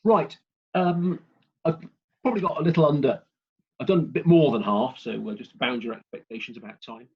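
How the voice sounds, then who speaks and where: Husky man giving a dry comic speech. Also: fairly high pitch, fairly quick. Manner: dry, wry deadpan delivery. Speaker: club speaker. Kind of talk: humorous prepared speech. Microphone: video call. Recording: lo-fi video call audio.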